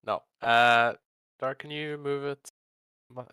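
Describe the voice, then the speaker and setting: A man playing in a tabletop game, explaining rules in quick casual talk. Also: medium pitch, steady tone, sharp tone, smooth, no room sound. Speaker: player.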